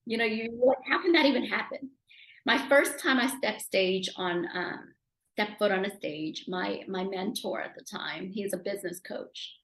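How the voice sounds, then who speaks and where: A woman speaker and author telling her story in an interview, animated and emotional, getting louder at her high points. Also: moderate pace. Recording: roomy echo.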